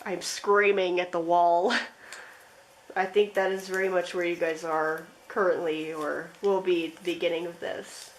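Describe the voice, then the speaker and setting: Gentle rambling woman tarot reader. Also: on the low side, steady tone, moderate pace, a little hiss or hum, low-quality recording. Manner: rambling, gentle, with frequent fillers and soft laughs. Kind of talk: pick-a-card tarot reading.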